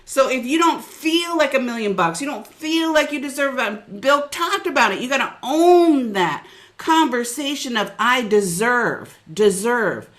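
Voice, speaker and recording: High-voiced, energetic woman business coach. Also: moderate pace. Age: middle-aged. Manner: energetic, preachy, calls out listeners by name. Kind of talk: motivational webinar talk.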